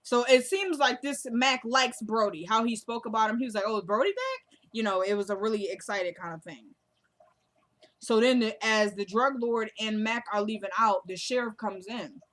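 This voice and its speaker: A woman's voice: a little high, moderate pace, fairly bright tone. Woman, young adult, casual recap, chatty, retells dialogue. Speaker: recap host.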